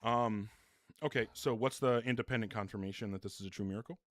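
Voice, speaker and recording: A man's voice: fairly low pitch, fast, fairly bright tone, dry recording, studio quality. A man hosting a live call-in debate stream, bluntly questioning callers and restating their premises.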